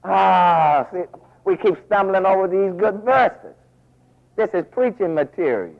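A man preaching a folksy, animated sermon full of asides, recorded as a dull lo-fi radio broadcast. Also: sits high, a little slow, vocal fry.

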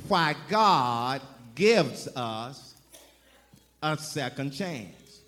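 A man preaching a sermon in the first person as a Bible figure, calling for responses and swinging from soft to loud. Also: a little high, big-room sound. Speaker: guest preacher.

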